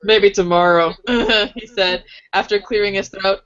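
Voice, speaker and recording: A woman's voice: mid-range voice, a little slow. A young woman co-hosting a book club chat, reading passages aloud and laughing as she goes. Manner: animated, laughs while reading. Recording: dull lo-fi webcam audio.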